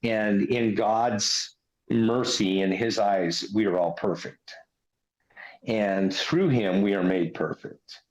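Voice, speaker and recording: A man's voice: on the low side, steady tone, takes it slowly, low-quality recording. A man casually recounting a spiritual experience in an earnest, conversational way. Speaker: interviewee recounting near-death experience. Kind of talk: casual storytelling.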